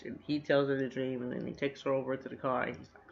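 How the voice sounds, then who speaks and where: A man's voice: mid-range voice, little pitch movement, fast talker, gravelly. A man casually recapping a TV episode, animatedly retelling scenes and acting out the characters' lines. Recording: dull lo-fi recording.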